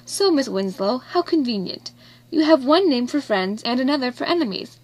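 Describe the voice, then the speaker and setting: Teasing, careless young man rider, read by a woman; amused, light, a touch high. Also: animated, moderate pace, a little mellow, no echo.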